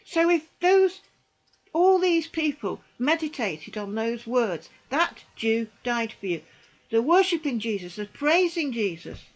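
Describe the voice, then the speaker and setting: A woman's voice: a little high, sing-song, unhurried, low-quality recording. Indignant woman, emphatic repetition. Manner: indignant, repeats phrases for emphasis. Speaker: vlogger recounting church experiences. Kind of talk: personal testimony, emphatic monologue.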